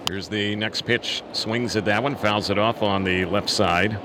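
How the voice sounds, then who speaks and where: A man calling a baseball game as the play-by-play announcer, steady and informative, reading the count and the sponsor spots. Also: lowish voice, measured pace, noisy background. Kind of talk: radio baseball commentary.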